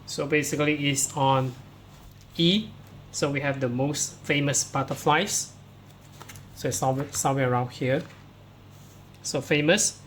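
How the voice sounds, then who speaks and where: A male English teacher talks pupils through workbook answers one by one. He speaks slowly, with a slightly raised pitch, and keeps coming back to "so" as he reads the text aloud and points out where each answer is found. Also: fairly even intonation, a bit bright, slight background noise. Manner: slow, explains step by step, starts lines with "so".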